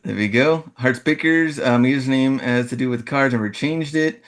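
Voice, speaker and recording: A man co-hosting a casual online-selling chat, relaxed and laughing often. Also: mid-range voice. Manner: laid-back, laughs often, quick asides. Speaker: podcast co-host.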